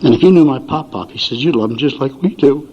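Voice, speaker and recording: Speaking fast with lively intonation, this medium-pitched older man entertains a recovery meeting audience with folksy, chuckling stories, imitating members of his family. Slight background noise accompanies the dull, lo-fi audio.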